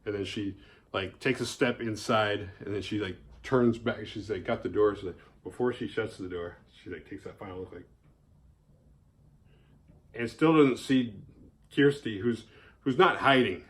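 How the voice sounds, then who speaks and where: Male host recapping a horror movie, loose and profane, jumps into silly character voices. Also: a little slow. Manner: animated, profane, acts out characters' lines in high voices. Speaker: horror film reviewer. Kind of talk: casual film recap.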